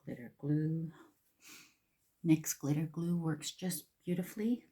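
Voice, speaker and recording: Brief: woman vlogger, lower-pitched, chatty makeup talk with whispered asides. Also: fairly even intonation, slow pace, dark tone, husky. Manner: chatty, drops into whispers, repeats words. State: a little out of breath. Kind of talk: casual makeup tutorial chat.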